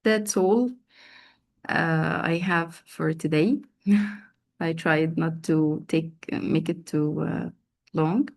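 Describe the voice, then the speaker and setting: Woman, teacher trainer, slow unhurried delivery, drills words by repeating them, video call. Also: low-pitched, a little mellow. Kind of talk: online teacher training session.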